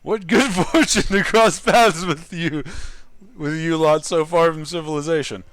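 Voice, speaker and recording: A man voicing a pompous, gallant gentleman adventurer from a game, reading his lines with grand, theatrical formal diction. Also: fairly high pitch, fairly even intonation, unhurried, no room sound. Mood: boastful.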